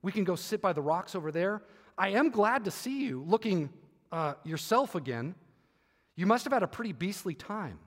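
A man's voice: high-pitched, sing-song, normal speed, voice pushed down. A man reading the part of a kind, patient boy reassuring his friend. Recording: hall reverb.

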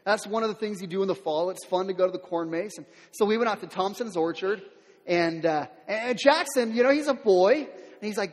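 A middle-aged male pastor preaches a sermon in a church sanctuary, his voice high for a man, expressive and fairly quick. He speaks loosely and conversationally, restarting and repeating words before climbing to loud, emphatic peaks, while the large room adds a long reverb.

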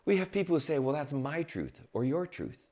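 Man, pastor, sermon, lively swinging pitch, dramatic delivery. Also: brisk. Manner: dramatic, acts out crowd shouts and quotes; reads scripture aloud.

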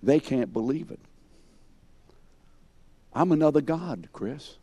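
Slow, mellow male Bible teacher. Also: a little high, expressive, slightly rough, no echo, lo-fi sound. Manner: questions the class and calls on students by name; emphatic, acts out scenes in second person. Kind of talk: classroom Bible lesson.

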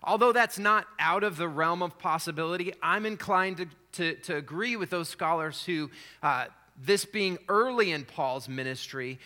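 A middle-aged man delivers a sermon with a bright, forward tone that sits a little high for a man. He talks to the congregation in a conversational way, with fillers and restarts. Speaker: pastor.

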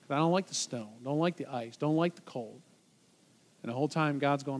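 A man's voice: fairly high pitch, animated, brisk, a little mellow. A man preaching a sermon as pastor, emphatic, his voice rising sharply when he quotes scripture. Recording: long hall reverb.

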